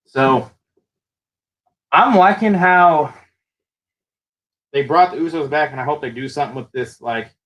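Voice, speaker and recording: A man hosting a casual chat, recapping a show in an animated, rambling way with frequent restarts. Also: fairly high pitch, measured pace, long pauses, rough recording. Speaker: show host.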